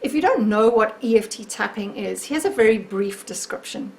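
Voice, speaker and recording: A woman wellness coach leading a guided self-help tapping exercise in a gentle, encouraging, chatty way, talking to the camera. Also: a little high, animated, moderate pace, creaky.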